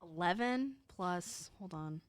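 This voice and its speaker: A woman's voice: lowish voice, lively intonation, slow, smooth. A woman player in a tabletop game, chatty and laughing often.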